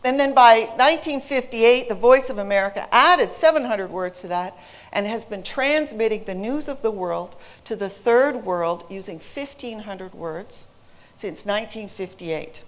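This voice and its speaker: A woman in her forties, an English teacher, giving a presentation to an audience with lively, humorous storytelling. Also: medium pitch, unhurried.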